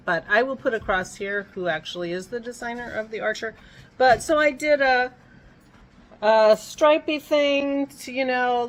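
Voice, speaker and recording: A woman's voice: a little high, a bit bright, rough recording. A woman hosting a casual home vlog, chatting in a rambling way and breaking off mid-thought, with hiccups. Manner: rambling, chatty, self-interrupting. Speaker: vlog host.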